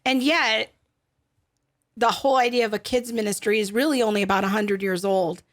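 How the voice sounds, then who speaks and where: A woman's voice: medium pitch, fairly even intonation, a little fast. A middle-aged woman co-hosting a faith podcast, talking things through in a thoughtful, explanatory way with frequent fillers. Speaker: podcast co-host. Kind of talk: casual faith podcast chat.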